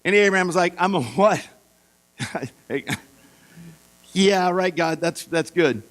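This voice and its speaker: A man preaching a sermon, telling Bible stories in a lively way and acting out the voices of the figures. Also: sits high, takes it slowly. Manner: lively storytelling, acts out voices for biblical figures. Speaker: pastor.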